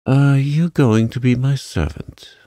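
A man's voice: mid-range voice, very animated, slow, creaky, mellow, slightly rough, dry recording, clean studio sound, voice pushed up, heavily acted. A man voicing a haughty, imperious little girl in a sleep-story reading, her voice raised and sharply demanding. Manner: raised, lighter voice.

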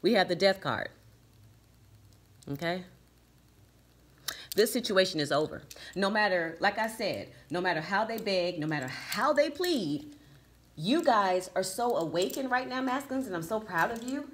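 A tarot reader with a mid-range, lively voice reads cards for her viewers at normal speed, taking long pauses. She's emphatic and keeps asking "okay?" and "right?" There's slight background noise.

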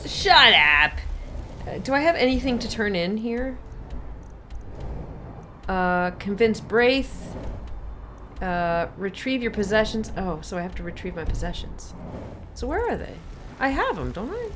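A woman's voice: mid-range voice, very animated, a little slow, long pauses, slight background noise. A woman streaming a video game, playful and exclamatory, laughing and reacting as she plays. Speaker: gaming streamer. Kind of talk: live game commentary.

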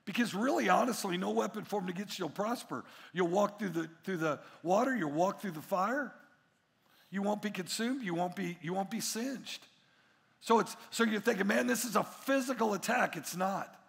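A middle-aged man preaching a sermon as pastor, an animated storyteller who acts out the voices in his stories. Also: high-pitched, normal speed, gravelly, long reverb tail. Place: large church hall.

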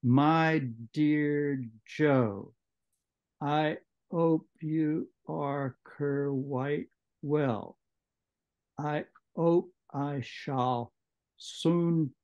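A man reading aloud a letter written by a young boy, slowly and deliberately, on muffled audio. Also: fairly high pitch, warm tone.

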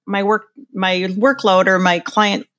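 A woman's voice: medium pitch, steady tone, fairly bright tone, clear, resonant tone. A middle-aged woman with a Minnesota accent, a photographer chatting as an interview guest and telling stories with easy laughs. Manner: chatty storyteller, quick laughs, fillers. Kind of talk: casual interview chat.

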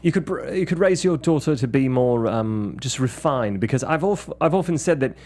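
Animated man riffing on movies. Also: mid-range voice, normal speed. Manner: animated, laughing storyteller who acts out quotes. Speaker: podcast co-host. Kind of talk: casual movie commentary.

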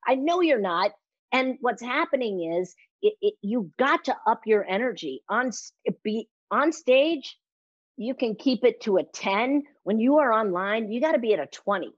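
A woman's voice: fairly high pitch, normal speed, dry recording, lo-fi sound. A woman speaking coach talking energetically as an interview guest, acting out little quotes in changing voices. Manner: energetic, acts out quotes with shifting voice. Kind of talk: lively interview talk.

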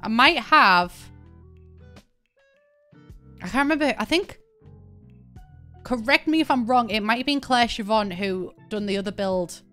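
Young British female streamer, smooth clear voice, rambly and giggly, faint music underneath. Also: a little high, a little slow, long pauses, pushed and bright. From Britain. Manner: chatty, rambling, laughs often, swears casually. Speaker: game streamer. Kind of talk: casual live-stream chat while playing.

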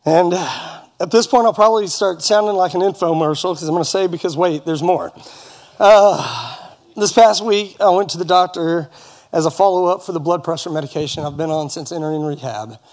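A man's voice: high voice, brisk, darkish tone. A middle-aged man giving an earnest, folksy personal testimony to a church congregation, with touches of light humor. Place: church service in front of a congregation.

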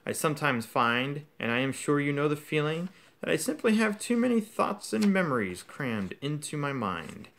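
A man voicing a calm, wise old headmaster who speaks quietly and gently in a measured way. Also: a little high, creaky, slight background noise, pitched above the performer's own voice, full character voice. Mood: gentle.

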